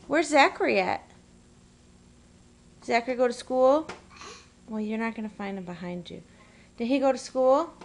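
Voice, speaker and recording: A woman's voice: fairly high pitch, moderate pace, pauses often, slight background noise. A woman filming her toddler at home on a camera's built-in mic, coaxing her in sing-song baby talk and scolding her now and then. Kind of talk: home video, talking to a toddler.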